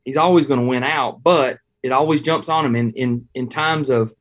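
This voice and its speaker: A man from Georgia with a Southern accent, telling hunting stories in a folksy, animated way during a casual interview. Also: mid-range voice, moderate pace. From Georgia, USA. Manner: folksy, animated, chuckles as he talks. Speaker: hunting guest.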